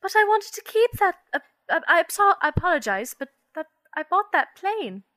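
High, bright woman player. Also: moderate pace, no echo. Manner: bold, animated. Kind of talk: tabletop role-play.

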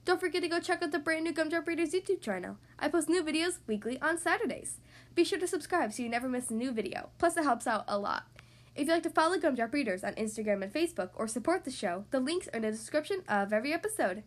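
A woman hosting a podcast and reading a picture book aloud to young kids, in a cheerful, expressive, sing-song manner. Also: high-pitched, fast. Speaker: podcast host and storybook reader.

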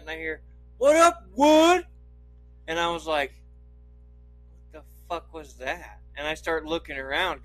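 A man from Idaho tells a long, casual story on a podcast, swearing often and laughing along the way. His voice is fairly high, bright, and forceful, heard through a low-quality recording.

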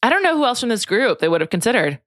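A woman's voice: a little high, very animated, racing, a bit bright, dry recording, clean studio sound. A woman hosting a podcast, chatting casually and laughing easily. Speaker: podcast host. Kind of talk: casual chat.

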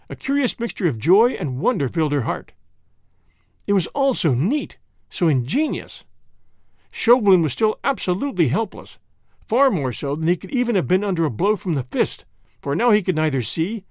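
A man narrating a classic novel in an expressive, dramatic storytelling style. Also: high voice, dry recording, clean studio sound. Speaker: audiobook narrator. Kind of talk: scripted narration.

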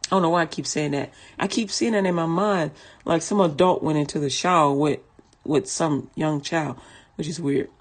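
A woman's voice: low voice, normal speed. A woman casually telling a personal story in conversational, vernacular speech, often laughing and restarting her sentences.

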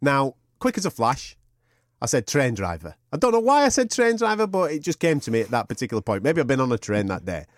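A podcast co-host, a man, tells a rambling, sweary tale with lots of laughs. His pitch swings widely as he acts out the story. The recording is close and dry. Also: fast, no room sound. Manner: animated anecdote with sweary banter and laughter. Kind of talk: casual storytelling chat.

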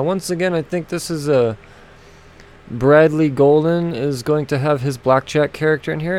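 A man's voice: medium pitch, darkish tone, a little hiss or hum. A man chatting casually and rambling through a list of upcoming comics, swearing now and then and laughing at himself. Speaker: comic book vlogger.

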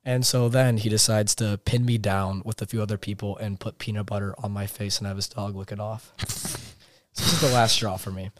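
Low-voiced young man telling a story. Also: a little fast. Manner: animated, laughing storyteller acting out quotes. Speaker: podcast guest. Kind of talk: casual storytelling. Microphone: podcast mic set slightly far.

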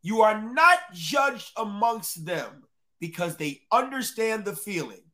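A man's voice: high voice, fairly bright tone. A man hosting a live-streamed podcast, talking emphatically, repeating points for stress and addressing his chat. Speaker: podcast host. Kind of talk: live-streamed commentary talk.

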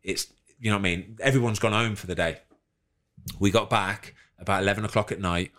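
A man chatting casually on a podcast, reacting and telling his own stories in a relaxed way. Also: lowish voice, fairly quick. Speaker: podcast co-host, former footballer. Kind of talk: casual chat, storytelling.

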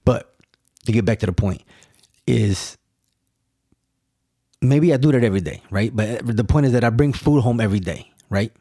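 A man's voice: mid-range voice, normal speed, pauses often, dark tone, no room sound, clean studio sound. A man hosting a casual solo podcast, rambling and swearing as he poses rhetorical questions to himself. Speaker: podcast host.

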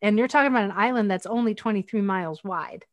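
A woman's voice: mid-range voice, quick pace, no echo, muffled recording. A woman from Northwestern Pennsylvania hosting a casual interview, telling stories in a chatty way and laughing easily. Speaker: podcast host.

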